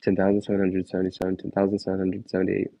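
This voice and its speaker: A tired young man counting numbers aloud in a steady, flat monotone during a long record attempt, with brief casual asides. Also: sits low, rapid-fire, gravelly, dry recording, low-quality recording. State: tired and sore. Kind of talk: long livestream-style counting marathon.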